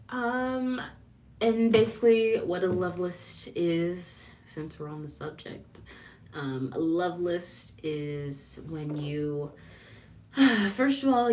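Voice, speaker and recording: A woman chatting casually on a livestream vlog, animated, laughing often, and acting out quoted lines. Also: low voice, far from the mic, a little hiss or hum. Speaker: lifestyle vlogger.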